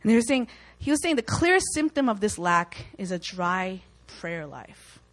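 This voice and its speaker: A woman's voice: fairly high pitch, sing-song, brisk, low-quality recording. Young woman, Christian speaker; informal, heartfelt Bible talk, conversational, acts out doubts. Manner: earnest, conversational, acts out worried inner voices.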